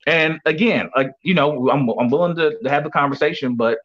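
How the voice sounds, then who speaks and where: A man with a fairly quick, slightly bright, high-ish voice rambles through casual stories, dropping "you know" constantly to fill gaps. He's a guest coach who once played football professionally. The recording is dull and lo-fi.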